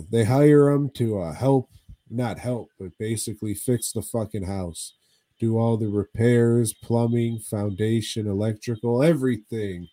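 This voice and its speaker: Sex: man. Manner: slow, profane, rambling. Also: lowish voice, mellow, dry recording. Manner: profane, rambling, drawling recap. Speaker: podcast co-host. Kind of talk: casual movie recap chat.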